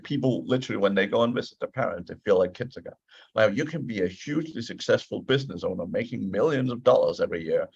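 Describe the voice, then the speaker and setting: A man's voice: on the low side, vocal fry, slightly rough, no room sound, lo-fi sound. A man, a management consultant, explaining his ideas in a casual interview, earnest and often repeating words as he starts a thought.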